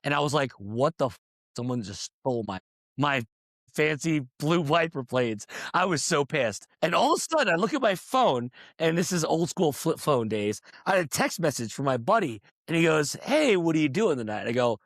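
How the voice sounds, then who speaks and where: A man co-hosting a casual car podcast, telling stories in an expressive, jokey way. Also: a little high, moderate pace, dry recording, clean studio sound.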